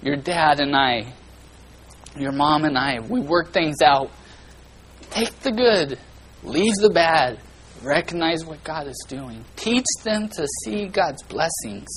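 A man preaching a sermon in a folksy, earnest way, swinging between loud and hushed delivery. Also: a little high, poor audio. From California.

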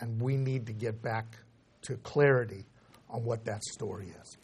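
A middle-aged man preaching a sermon, swinging between loud emphatic declarations and low, quiet stresses. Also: normal speed, a little hiss or hum.

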